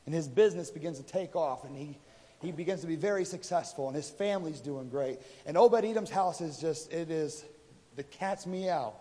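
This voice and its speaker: A man's voice: fairly high pitch, moderate pace, mellow. A man preaching a sermon, retelling a story in a casual, conversational way and voicing the people in it. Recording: reverberant hall.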